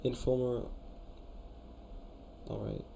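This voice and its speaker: A man's voice: medium pitch, little pitch movement, slow, vocal fry, warm tone, slight background noise. Laid-back young man chatting on stream. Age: young adult. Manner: chatty, laid-back, reads chat aloud. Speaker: streamer reviewing viewers' conlangs. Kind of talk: casual live-stream chat.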